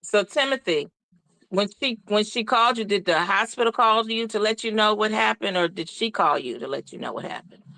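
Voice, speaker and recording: Woman asking questions street interview, gravelly and bright, keeps rewording. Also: mid-range voice, expressive, a little fast, dry recording, poor audio. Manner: rephrases questions repeatedly.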